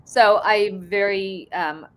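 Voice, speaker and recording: Woman podcast host on a video call, animated storyteller, salty tongue. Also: medium pitch, slow, slight background noise. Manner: animated storytelling, swears freely. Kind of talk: casual chat.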